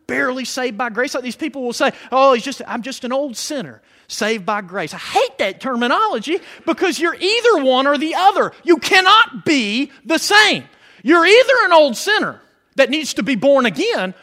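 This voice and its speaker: High-pitched fervent preacher man. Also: long reverb tail. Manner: fervent, rising to shouts on key words. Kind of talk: sermon.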